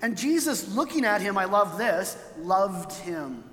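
A preacher talks through a sermon like a chat, tagging points with "right?" and briefly acting out quoted voices. The voice sits mid-range, neither high nor low. It rings out with a long hall reverb. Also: big pitch swings, a little slow, a bit bright. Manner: conversational, tags points with "right?"; acts out quoted voices for emphasis.

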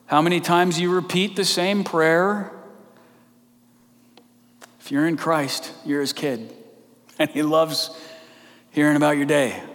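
A man preaching a sermon as pastor, earnest and conversational, moving between quick asides and slow, drawn-out emphasis. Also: fairly high pitch, fairly bright tone. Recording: long hall reverb.

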